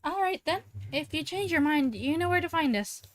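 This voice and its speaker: A woman reading aloud the lines of a friendly young female classmate in a visual novel, in a bright upbeat manner. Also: high-pitched, lively intonation, moderate pace, pitched above the performer's own voice.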